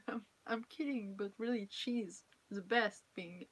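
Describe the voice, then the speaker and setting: A woman's voice: medium pitch, measured pace, breathy edge. Chatty young French woman streaming. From France. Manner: chatty, playful, laughs often, teasing. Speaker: cosplayer streamer. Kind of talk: casual live-stream chat.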